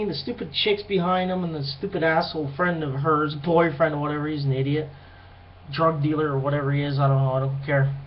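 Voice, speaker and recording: A young man with a high-pitched voice tells a rambling story full of swearing, acting out the people in it. The recording is dull and lo-fi. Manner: profane, rambling, animated retelling. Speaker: vlogger. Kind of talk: casual storytelling monologue.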